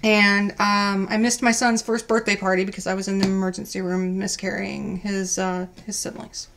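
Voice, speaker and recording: A woman's voice: mid-range voice, moderate pace, noisy background. A young adult woman telling a personal story as an interview guest, candid and heartfelt. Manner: candid, heartfelt, often rehashing dialogue in lively quoted voices.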